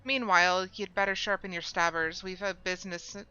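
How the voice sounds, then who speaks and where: A woman reading a gruff, streetwise male rogue from a video game, using a thick slangy put-on accent. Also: medium pitch, normal speed, sharp tone, muffled recording, a little hiss or hum, close to an everyday voice. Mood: scheming. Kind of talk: reading game dialogue aloud.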